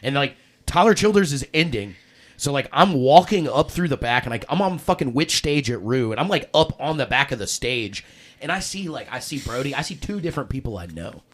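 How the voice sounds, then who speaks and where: A man, a podcast guest, telling a story in casual chat, animated and full of cursing and acted-out quotes. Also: mid-range voice, brisk.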